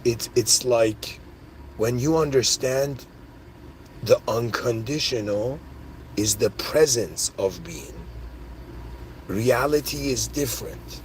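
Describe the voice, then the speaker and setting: A man hosting his own podcast, rambling excitedly through spiritual ideas in a casual monologue, full of "dude" and "like". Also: mid-range voice, takes it slowly, pauses often, slight background noise. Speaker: podcast host.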